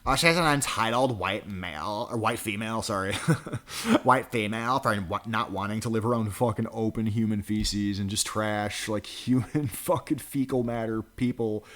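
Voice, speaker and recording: Male vlogger, somewhat low voice, sneering and profane, riffing over a news clip. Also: moderate pace, fairly bright tone. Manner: profane, mocking rant with frequent laughs. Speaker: political commentary vlogger. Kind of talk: reaction commentary.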